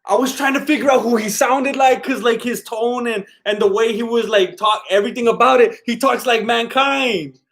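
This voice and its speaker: A man's voice: very high voice, moderate pace, hardly any pauses, a bit bright. A man hosting a live stream in casual chat, rambling and laid-back as he reacts to viewer comments. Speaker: livestream host.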